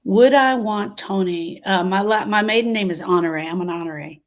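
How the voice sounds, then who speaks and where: A woman's voice: mid-range voice, normal speed. A woman, hosting a grief podcast and telling her story earnestly, repeating phrases for emphasis. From Louisiana. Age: 60s. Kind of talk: heartfelt storytelling to listeners.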